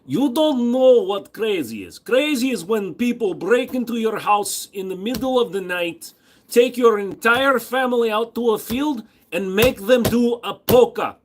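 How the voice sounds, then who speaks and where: A man voicing an unhinged, menacing madman who rants in a high, strained voice. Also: expressive, measured pace, slight background noise.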